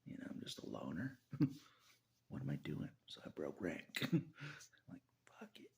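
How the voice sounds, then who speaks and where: A man's voice: rumbling low, huge pitch swings, moderate pace, creaky, a little mellow. A man vlogging in a rambling religious monologue, laughing often and dropping into whispers.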